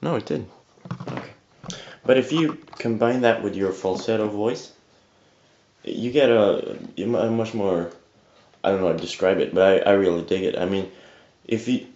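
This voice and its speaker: A man's voice: on the low side, normal speed, long pauses, darkish tone. A young man who says he just woke up, giving a rambling, casual tutorial on harsh singing, full of fillers and restarts, with some swearing. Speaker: vocal tutor. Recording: echoey lo-fi home webcam audio.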